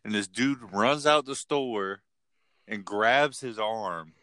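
Young podcast guy, bright and forceful tone, dry close mic, swears a lot. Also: on the low side, takes it slowly, no room sound. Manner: profane, rambling, animated storyteller. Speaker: podcast co-host. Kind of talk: casual storytelling chat.

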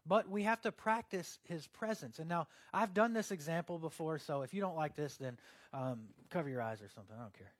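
Joking young pastor, bright voice. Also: male voice, on the high side, no echo. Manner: conversational and joking, acting out little scenes. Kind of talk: casual sermon.

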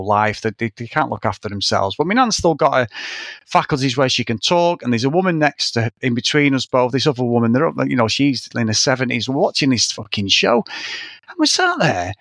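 A man's voice: mid-range voice, very animated, fairly quick, fairly bright tone, no echo. A man with a British accent hosting a podcast, telling a sweary, rambling story in casual chat. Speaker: podcast host.

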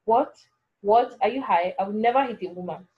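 A woman's voice: medium pitch, fairly quick, breathy edge, phone-quality sound, close to an everyday voice. A woman voicing a defensive young man who brushes off an accusation with indignant, dismissive replies.

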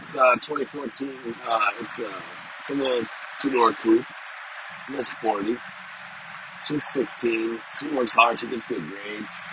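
Speaking at a measured pace in a mid-range voice, this middle-aged vlogger and salesman rambles conversationally to his viewers. He repeats himself and keeps saying "you know?", with steady noise in the background.

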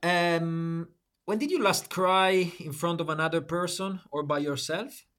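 A man's voice: a little high, unhurried, a bit bright, smooth. A man in his thirties co-hosting a podcast, telling stories in casual chat with frequent laughs and fillers. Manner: laughing storyteller, non-native English with fillers. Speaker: podcast co-host.

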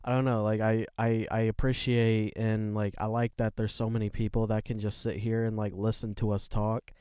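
A young man co-hosts a podcast in easygoing, meandering chat, swearing freely. His voice is low, soft and smooth. The sound is dry and close. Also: level tone, normal speed, dry recording. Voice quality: soft, soothing voice. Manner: laid-back, rambling, swears often. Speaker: podcast co-host. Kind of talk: casual chat.

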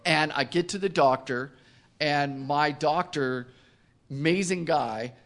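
A man as an interview guest, telling a self-mocking personal story in casual conversation with lively delivery. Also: fairly high pitch, takes it slowly. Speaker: company co-founder, interview guest.

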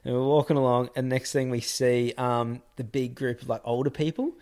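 Man, casual storytelling, lively delivery, mid-pitched voice. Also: a little fast. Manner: animated, acts out quoted voices.

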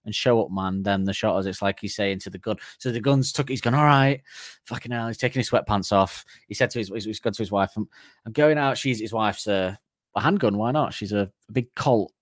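A man's voice: lowish voice, fairly quick, no room sound, studio quality. Man rambling through comic banter. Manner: rambling, mock storytelling with laughter. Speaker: podcast co-host. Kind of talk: comedic podcast banter.

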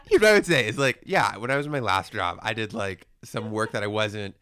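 A man's voice: on the low side, lively intonation, brisk, noisy background. A young man co-hosting a podcast, rambling casually with lots of fillers and self-mocking asides. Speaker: podcast co-host. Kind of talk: casual chat.

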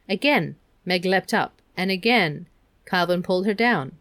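A woman reading a novel aloud in a relaxed, casual way. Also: lowish voice, unhurried, no echo. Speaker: audiobook reader.

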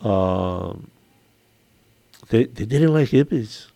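An older man from Hawaii with a Hawaiian accent, hosting a casual radio chat, chatty and quick to laugh. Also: lowish voice, animated, creaky, dark tone, no echo. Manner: chatty, laughs easily, imitates local sayings. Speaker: radio show host.

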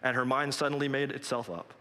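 A man's voice: mid-range voice, fast talker, pushed and bright, big-room sound. A man preaching a sermon in an earnest, direct and conversational way, speaking straight to his listeners.

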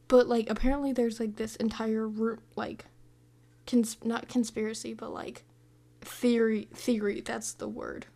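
Slow, creaky-voiced young woman. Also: on the high side, level tone, warm tone. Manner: rambling, filler-heavy, restarts often. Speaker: podcast host. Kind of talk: casual rambling film review.

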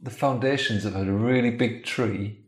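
A man improvising a comic story in a chatty, animated way. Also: medium pitch, normal speed. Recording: roomy echo.

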